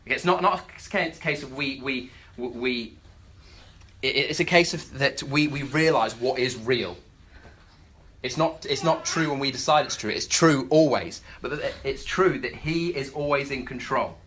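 A lively preacher telling a story in a sermon, tripping over words and jumping into character voices. The voice is bright and forward, with a faint hum of noise behind it. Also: medium pitch, a little slow. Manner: animated storytelling, frequent stammered restarts.

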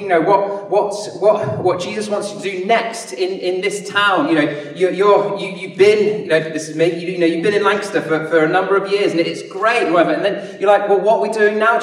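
High-voiced preacher in an echoey hall. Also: male voice, far from the mic. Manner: conversational, storytelling with acted-out voices. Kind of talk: sermon.

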